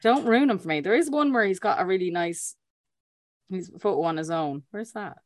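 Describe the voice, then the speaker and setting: A woman's voice: mid-range voice, animated, normal speed, no room sound, clean studio sound. Gossipy woman podcast co-host. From Wales. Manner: gossipy, laughing, swears casually. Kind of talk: casual chat. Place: home, Dublin.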